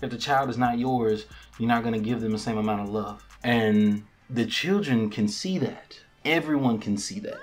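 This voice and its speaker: A man's voice: mid-range voice, normal speed. A man hosting a podcast, casually recapping a TV episode in slangy, profane talk and acting out the characters' lines. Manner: animated storytelling with quoted character lines and laughs. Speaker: podcast host.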